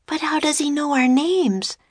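A woman voicing a cheerful, bold nine-year-old girl in a storybook reading, pitched high and chirpy. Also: big pitch swings, measured pace, no echo, exaggerated voice. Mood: eager.

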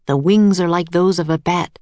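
A woman's voice: fairly low pitch, normal speed, a little mellow, dry recording, lightly acted. A woman reading aloud, voicing a confident old male inventor in a storybook who speaks in a grand, assured way. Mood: proud.

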